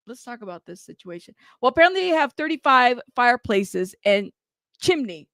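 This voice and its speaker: A chatty woman hosts a casual live news commentary, reading out viewer comments with a playful, laughing manner. Her voice sits a little high and has a gravelly edge. The recording is dry and close. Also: very animated, brisk, a bit bright, no room sound. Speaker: host of a news commentary livestream.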